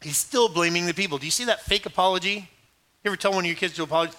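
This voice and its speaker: A middle-aged man preaching a sermon, animated and acting out scripture scenes in different voices. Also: on the high side, fast talker. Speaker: pastor.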